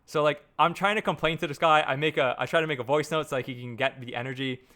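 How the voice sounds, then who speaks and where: A man's voice: fairly high pitch, quick pace, pushed and bright. A man in marketing ranting casually to camera, rambling and restarting his sentences with a lot of swearing. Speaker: marketer reviewing software. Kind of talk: casual unscripted rant to camera.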